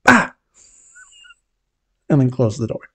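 A man giving a casual family update on his vlog, talking hesitantly with lots of pauses and restarts. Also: mid-range voice, steady tone, warm tone. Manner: hesitant, many fillers and restarts. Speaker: vlogger.

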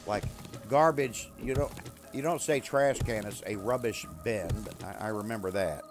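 A man's voice: fairly low pitch, a little slow. Chatty American man gaming over music. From USA. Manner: chatty, talks to his in-game dog and teammates, bursts into loud yelling. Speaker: gamer streaming a survival game. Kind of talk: casual gameplay chat.

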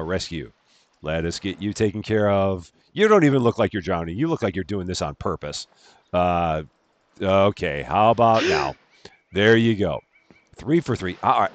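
A man giving casual, jokey let's-play commentary, chatting to the characters in a game as he plays. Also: deep voice. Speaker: gameplay commentator.

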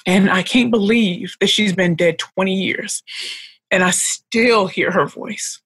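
A middle-aged woman, a podcast guest, telling a deeply personal story with emphatic repetition, emotional and close to tears. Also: takes it slowly, a bit bright, breathy edge, dry recording. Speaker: podcast guest, pitch coach.

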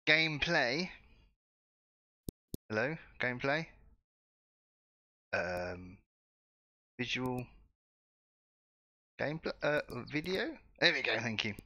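Chatty man, live gameplay commentary, bright tone, dull lo-fi sound. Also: mid-range voice, animated, slow, pauses often. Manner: chatty, jokey, reads game text aloud. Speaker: game streamer.

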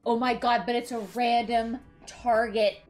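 A woman streaming a card game, reacting excitedly, swearing and talking to her chat. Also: a little high, measured pace, soft background music. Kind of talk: live gameplay commentary.

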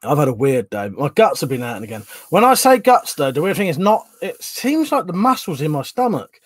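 A man in casual livestream chat, rambling from one thing to the next and cursing lightly now and then. His voice sits a little high for a man. The sound is close and dry, with no room in it. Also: big pitch swings, a little fast, few pauses, no echo. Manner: rambling, chatty, swears casually. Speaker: livestream host reading chat.

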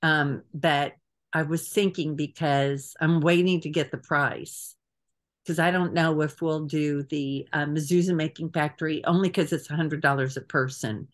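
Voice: mid-range voice, steady tone, normal speed. A trip organizer on a video call giving a casual meeting briefing, chatty and hesitant with frequent fillers.

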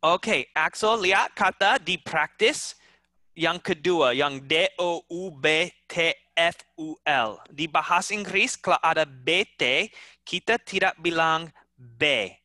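Man, teacher, very slow, bright voice, dry close sound, patient repetition. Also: a little high, no echo. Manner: slow, patient, repeats words, mixes in Indonesian. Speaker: English teacher. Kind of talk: online class teaching.

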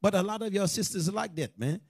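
A man teaches a religious class, preaching in casual street talk while animated and joking, and throws scolding asides at his listeners. His voice sits high and is husky, he talks fast, and the recording is dry.

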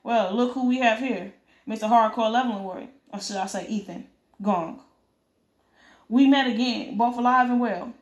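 A woman's voice: a little high, moderate pace, echoey room, natural voice. A woman voicing a ruthless male gang boss who talks in sneering, foul-mouthed threats.

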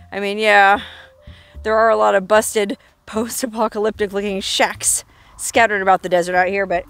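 A woman's voice: mid-range voice, a bit bright. A woman hosting a travel vlog outdoors in the desert, telling stories in a playful, theatrical way with dramatic emphasis. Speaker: travel vlogger host.

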